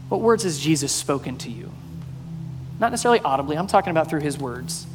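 A male pastor preaching a sermon, mostly earnest and quiet, breaking now and then into loud, playful bursts. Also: a little high, expressive, fast. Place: church sanctuary. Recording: long reverb in a hall, faint music.

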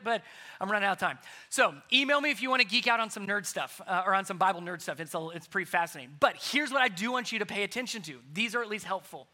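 A man preaching a sermon, animated, moving between loud emphasis and hushed, quiet points. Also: sits high. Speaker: pastor.

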